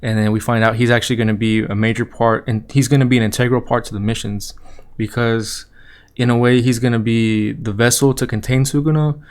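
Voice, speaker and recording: A man's voice: mid-range voice, steady tone, brisk. A man hosting an anime review podcast, casually retelling an episode in a loose, rambling way with the odd light chuckle.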